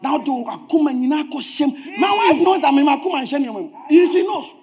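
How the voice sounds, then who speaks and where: A man's voice: extremely high pitch, animated, fairly quick, darkish tone. A man preaching a sermon as pastor, emphatic, repeating phrases for stress and dropping humorous asides to the congregation.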